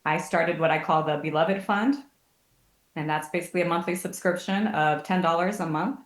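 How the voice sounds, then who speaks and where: With a lowish voice and a moderate pace, a female family advocate tells animated stories as a podcast guest, voicing the people she quotes. The interview is casual, and the room she's recorded in is echoey.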